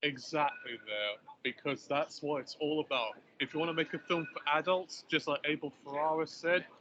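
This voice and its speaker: Bright-voiced guy rambling in a chat, kinda muffled with some background hiss. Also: fairly high pitch, fairly even intonation, normal speed. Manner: chatty, rambling, hedging. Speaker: podcast co-host. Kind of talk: casual chat.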